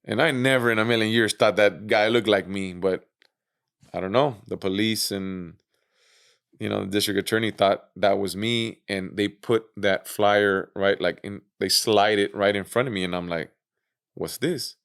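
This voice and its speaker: Gravelly low-voiced man telling his story. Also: normal speed. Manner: animated retelling with acted-out quotes, swearing, frequent fillers. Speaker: interview guest. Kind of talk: casual storytelling interview.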